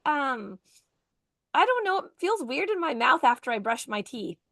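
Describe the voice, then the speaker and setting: A woman's voice: high-pitched, sing-song, normal speed, bright, forceful tone, no room sound, studio quality. A woman co-hosting a morning show, chatting casually and reading out news items. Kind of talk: casual radio-style chat.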